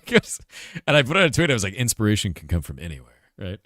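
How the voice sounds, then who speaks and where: A very deep-voiced middle-aged man chats casually on a live stream, laid-back and laughing often. He reads viewers' questions aloud and answers them, calling everyone "dude." The sound is close and dry, with no room around it. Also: very animated, quick pace, a bit bright, no echo. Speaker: streamer and game developer.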